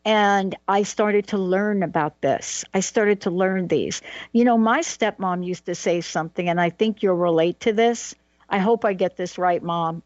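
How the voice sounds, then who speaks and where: A woman's voice: on the low side, a little mellow, no echo, highs cut off. A woman co-hosting a radio talk show, telling stories and affirming her guest. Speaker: co-host.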